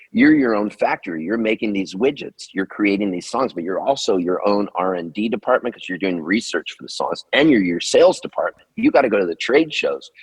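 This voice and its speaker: A musician in his sixties, guest in a storytelling interview, speaks in a lowish voice with a breathy edge. He's a lively storyteller who acts out the people he quotes, and the recording is dry.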